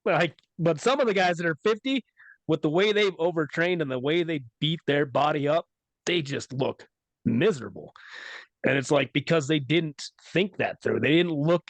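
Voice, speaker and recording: A male podcast host with a slightly higher voice speaks casually and strings his thoughts into long, loose sentences. The recording is dry and close, with no room echo. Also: normal speed.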